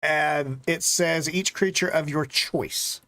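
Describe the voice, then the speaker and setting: A game master running an online tabletop game over a voice chat mic, with a quick, joking, loose way of narrating. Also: medium pitch, steady tone, pushed and bright.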